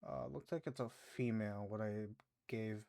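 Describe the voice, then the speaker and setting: A young man with a gravelly, creaky voice takes part in a tabletop game. He asks short, checking questions in a casual way. The sound is dry and close. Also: fairly low pitch, steady tone, normal speed, a little mellow, dry recording. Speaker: player.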